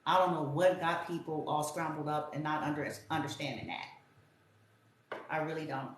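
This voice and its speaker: A woman's voice: low-pitched, little pitch movement, moderate pace. A woman giving a casual tarot reading in a blunt, profane, rambling rant. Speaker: tarot reader. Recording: very echoey room with faint hiss.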